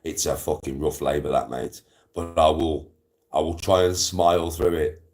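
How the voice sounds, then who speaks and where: A man's voice: a bass voice, steady tone, moderate pace, a little mellow. A man streaming casually, rambling and swearing, laughing often as he retells conversations. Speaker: golf streamer. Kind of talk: casual live stream chat.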